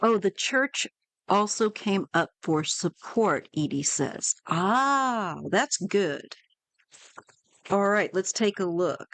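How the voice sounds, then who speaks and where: A woman's voice: mid-range voice, expressive, a little slow, fairly bright tone, no echo. A woman doing a live tarot reading for viewers, chatty and reassuring, with many fillers and restarts. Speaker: tarot reader.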